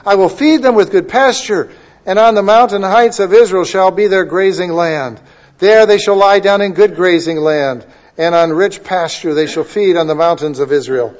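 A male pastor preaching a sermon and reading scripture aloud, building to loud, emphatic declaiming. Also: high voice, normal speed, muffled recording.

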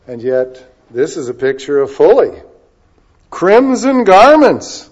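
A male preacher giving a sermon, moving between loud emphasis and quiet asides and stretching key words out slowly. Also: mid-range voice, breathy edge. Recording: dull lo-fi recording.

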